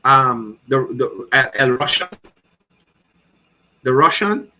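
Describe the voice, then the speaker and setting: A man's voice: mid-range voice, slow, sharp tone, rough recording. A man with a Guyanese accent giving fiery, mocking political commentary. He keeps repeating himself and asking the listener if they understand.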